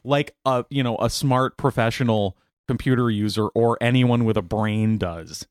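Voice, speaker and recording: A man's voice: medium pitch, moderate pace, no echo. A man co-hosting a casual podcast chat, talking loosely, hunting for words and throwing in sarcastic asides. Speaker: podcast co-host.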